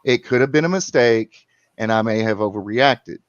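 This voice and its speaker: A man's voice: fairly low pitch, moderate pace, no echo. A man, calling in and telling a long story in casual chat, rambling with restarts and repeats. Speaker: caller. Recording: muffled lo-fi sound.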